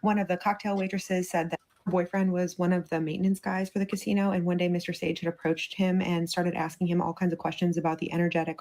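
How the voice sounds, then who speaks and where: A woman's voice: on the low side, darkish tone, rough recording. A woman casually telling a spooky story as a streamer, chatty with many fillers. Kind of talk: casual spoken ghost story.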